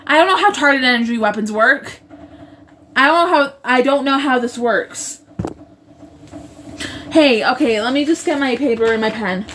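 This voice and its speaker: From her home, a woman runs a casual livestream, reading out viewer comments and rambling, frequently stopping mid-sentence to correct herself. Her high, fairly bright voice moves at a normal pace with long pauses, over slight background noise, while a roommate is in the next room.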